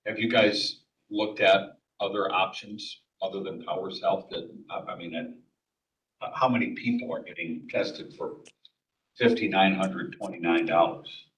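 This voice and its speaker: Deep-voiced guy questioning a charge at a council meeting, echoey, mic far off. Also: steady tone, a little slow, fairly bright tone. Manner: direct, questioning. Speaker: county council member. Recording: echoey room, distant mic.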